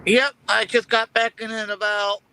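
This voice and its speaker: Man, trucker in his cab, high pitch, very bright, matter-of-fact, casual chat. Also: flat delivery, normal speed, slight background noise, low-quality recording. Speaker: truck driver panel guest.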